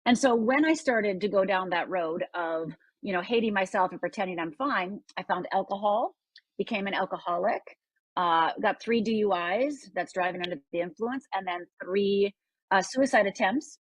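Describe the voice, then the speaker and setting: Older woman, interview guest, husky, dry close sound, emphatic storyteller. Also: mid-range voice, moderate pace, no echo, low-quality recording. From Upper Michigan, United States.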